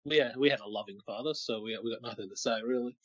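A man co-hosting a casual podcast, making quick jokey comments about what is on screen. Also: medium pitch, no room sound. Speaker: podcast co-host. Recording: dull lo-fi dry recording.

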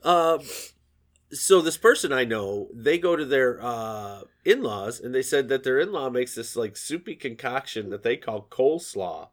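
A man's voice: medium pitch, expressive, measured pace. A man co-hosting a podcast in casual chat, complaining animatedly and swearing often. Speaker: podcast co-host.

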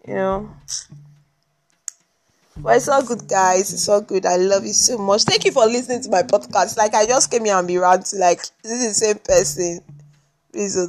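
A young woman with a Nigerian accent hosting her own podcast, talking in a rambling, chatty way full of "like", just after waking up. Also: mid-range voice. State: just woken up. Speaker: podcast host. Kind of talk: casual solo podcast monologue.

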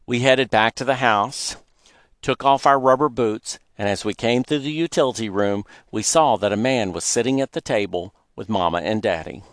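A man narrating a childhood memoir story in a plain, unhurried way. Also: mid-range voice, a bit bright, dry recording, clean studio sound.

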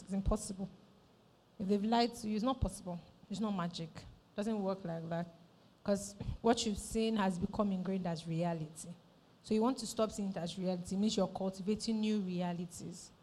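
A woman's voice: medium pitch, darkish tone, a little hiss or hum. A woman pastor, preaching a sermon in church and repeating her phrases for emphasis, often asking "right?".

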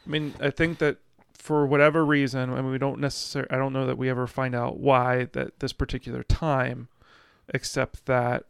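Smooth, gravelly man thinking aloud. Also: mid-range voice, little pitch movement, moderate pace, hardly any pauses, no room sound, clean studio sound. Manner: reflective and hesitant, with many restarts. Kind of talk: casual book discussion.

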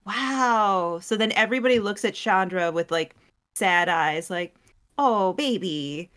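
Animated woman recapping fantasy lore. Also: mid-range voice, clear, resonant tone. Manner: animated, acts out characters' lines in quick voices. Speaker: co-host recapping story lore. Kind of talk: casual chat.

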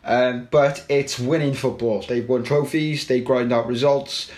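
Chatty football podcast host. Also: male voice, medium pitch, steady tone, a little slow, darkish tone. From Wales. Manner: chatty, opinionated, frequent fillers and restarts. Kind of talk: casual football chat.

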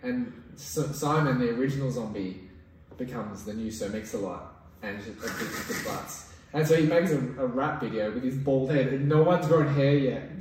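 A man's voice: medium pitch, normal speed, darkish tone, distant mic, slight background noise. A man in casual comedic chat, telling jokey, rambling stories. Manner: rambling, jokey storytelling with silly voices. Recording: echoey room, away from the mic.

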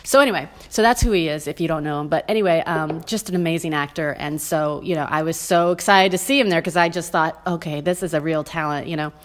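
A woman's voice: fast, hardly any pauses. A woman co-hosting a casual podcast, telling a rambling anecdote with lots of ums and asides. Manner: rambling with many ums, acts out her own quotes in a high excited voice. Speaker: podcast co-host. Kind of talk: casual storytelling chat.

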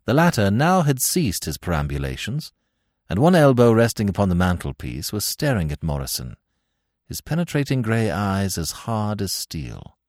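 A man narrating a classic story in a measured, expressive audiobook reading. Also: fairly low pitch, dry recording, studio quality.

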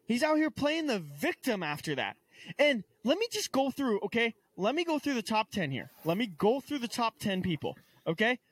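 High, lively ranting young man. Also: normal speed, breathy edge, no room sound. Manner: ranting, exasperated, stammering restarts. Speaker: podcast co-host. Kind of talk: casual sports chat.

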